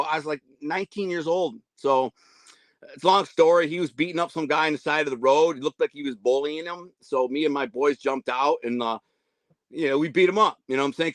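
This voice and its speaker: Man around 50, rambling storyteller, acts out quotes, fairly high pitch, dry sound. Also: dry recording. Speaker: guest. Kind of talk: casual storytelling interview.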